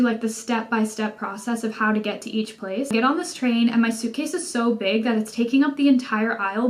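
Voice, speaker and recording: A young woman with a Canadian accent tells a story in a loose, chatty way, dropping "like" often. Her voice sits a little high. She talks casually to her camera from indoors at home. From Canada, Toronto. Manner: chatty, animated storytelling, many "like" fillers. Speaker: vlogger.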